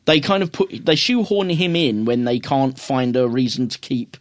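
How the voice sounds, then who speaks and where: A man chatting casually about a film, stopping and restarting often as he searches for names. His voice sits in the middle of the range for a man, neither high nor low. The recording is dry and close, with no room echo. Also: expressive. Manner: halting, many fillers and restarts, blunt opinions. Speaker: podcast co-host. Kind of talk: casual film review chat.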